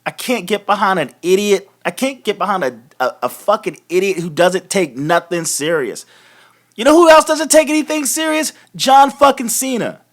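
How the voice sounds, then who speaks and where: Profane, ranting man with lively pitch. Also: normal speed. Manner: laughs often. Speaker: host of a wrestling recap show. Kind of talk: live casual commentary recap.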